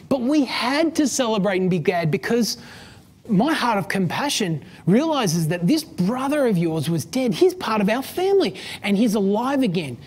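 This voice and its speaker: A woman preaching a sermon in an easy, conversational way, with plenty of fillers and questions put to her listeners. Her voice is husky and breathy. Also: medium pitch, sing-song, moderate pace, darkish tone.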